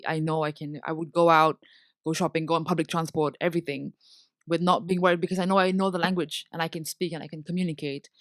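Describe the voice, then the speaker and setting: A woman's voice: lowish voice, no echo, clean studio sound. A young woman from India, talking reflectively in a casual interview, with frequent fillers. Her English accent switches between Indian and British. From India (Bombay). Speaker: guest.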